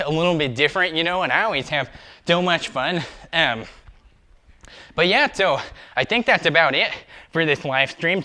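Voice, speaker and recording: A young man chats through his skateboarding livestream with a bright, tense voice pitched a little high. He rambles, full of fillers, upbeat and a bit out of breath. The sound is dry and close. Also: no echo. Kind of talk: casual livestream chat while skateboarding. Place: outdoors skating.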